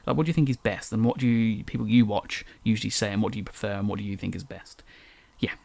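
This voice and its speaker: A young English man who drops his T's chats through his solo podcast, rambling and correcting himself as he goes. His voice has a gravelly fry to it and comes quickly. The sound is dry and close, with no room around it. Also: fairly low pitch, fairly even intonation, darkish tone, no room sound. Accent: English, dropped T's. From England. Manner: rambling, self-correcting, chatty. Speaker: podcast host. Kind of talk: casual solo podcast chat.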